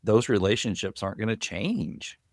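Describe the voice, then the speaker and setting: A man in a podcast conversation, reflecting calmly on what the guest has shared. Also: lowish voice, moderate pace, dry recording, clean studio sound. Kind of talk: casual conversation.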